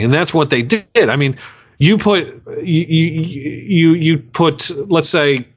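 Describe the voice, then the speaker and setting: A man's voice: fairly high pitch, lively intonation, normal speed, breathy edge, lo-fi sound. A man co-hosting a casual movie review podcast, rambling and earnest, often stammering and repeating words. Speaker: podcast co-host.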